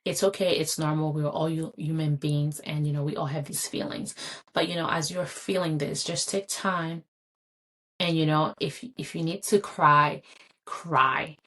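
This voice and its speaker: A woman with a notably low, deep voice talks alone on her podcast. Her delivery is earnest and reassuring, circling back on key phrases to encourage the listener. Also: steady tone, a little slow, a bit bright. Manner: earnest, encouraging, repeats for emphasis. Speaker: podcast host. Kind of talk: solo motivational podcast talk.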